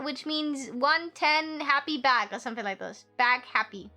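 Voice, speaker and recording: A woman's voice: high-pitched, moderate pace, sharp tone, soft background music. A woman streaming a game, reading the story text aloud and joking playfully with chat, often giggling.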